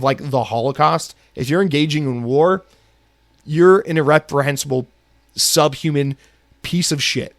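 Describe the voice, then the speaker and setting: A man's voice: fairly high pitch, no room sound, studio quality. A man hosting a solo podcast, from the United States, ranting angrily with heavy profanity. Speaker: podcast host.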